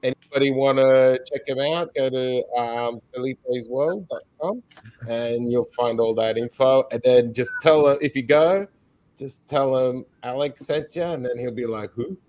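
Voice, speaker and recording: Self-deprecating Australian regular, man, halting with fillers, middle pitch. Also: a little mellow. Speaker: regular panelist. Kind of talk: casual online show chat.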